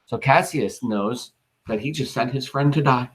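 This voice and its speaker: A man's voice: medium pitch, moderate pace, low-quality recording. Casual, slangy male teacher. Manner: casual, slangy retelling with fillers. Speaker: English teacher. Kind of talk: recorded lesson explaining a play.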